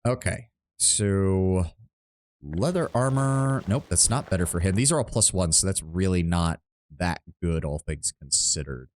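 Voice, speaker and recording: A man giving chatty, joking commentary while streaming a video game. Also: sits low. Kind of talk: live gameplay commentary.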